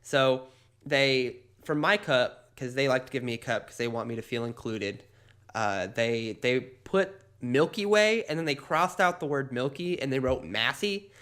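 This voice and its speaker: Animated man telling playful stories. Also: medium pitch, a little slow, smooth. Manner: animated, laughs often mid-sentence; playful storytelling. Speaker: podcast co-host. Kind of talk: comedic casual chat.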